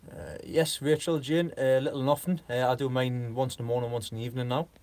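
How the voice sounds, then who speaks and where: A man's voice: mid-range voice, fairly even intonation, quick pace, a little mellow. A man chatting on a gardening live stream, rambling with lots of fillers and frequent giggles. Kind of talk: casual live stream chat.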